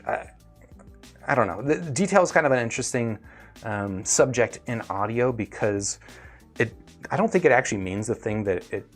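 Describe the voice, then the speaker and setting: A man reviewing headphones in a casual, rambling way, with many fillers and restarts. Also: lowish voice.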